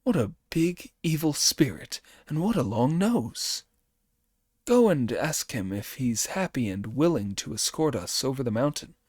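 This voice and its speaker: A gentle, kindly monk master, as a male narrator puts him on, speaking mildly and slowly in a storybook reading. His voice sits a little above the reader's own and is recorded dry. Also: medium pitch, big pitch swings, breathy edge, no room sound. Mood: benevolent. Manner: mild, merciful.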